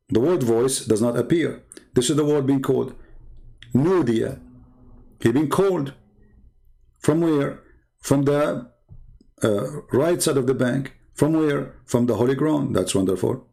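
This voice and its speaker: A man's voice: mid-range voice, creaky, darkish tone. A man with an Arabic accent hosting a live online debate, mocking his opponents with a string of rhetorical questions. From Arab world. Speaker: debate channel host.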